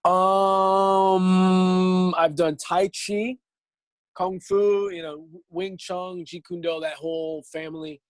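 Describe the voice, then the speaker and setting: Young guy rambling through stories, kinda high voice, super dry close sound, does all the voices. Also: a little slow, dry recording. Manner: animated, acts out quotes, laughs often. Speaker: interview guest, actor. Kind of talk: casual storytelling interview.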